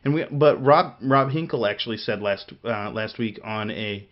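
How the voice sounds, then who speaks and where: A man's voice: lowish voice, moderate pace, highs cut off. A man from Missouri co-hosting a casual gaming chat show, rambling with many restarts, fillers and laughs. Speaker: podcast co-host.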